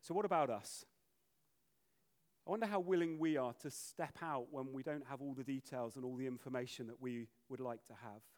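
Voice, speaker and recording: A man preaching a sermon, animated and acting out the voices of biblical figures. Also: mid-range voice, brisk.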